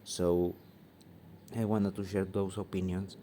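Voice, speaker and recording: Mexican guy ranting on his channel in second-language english, lots of ums, swears, soft dark tone. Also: sits low, flat delivery, slight background noise. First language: Spanish. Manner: halting, searching for words, many ums; blunt, swears freely. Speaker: channel host. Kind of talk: opinion vlog rant.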